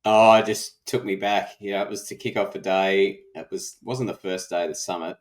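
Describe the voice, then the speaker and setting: An Australian man with a low voice co-hosts a podcast. He chats casually and stops and restarts as he thinks. Soft laughs break into his talk. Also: fairly even intonation, normal speed, poor audio. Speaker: podcast co-host. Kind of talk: casual chat.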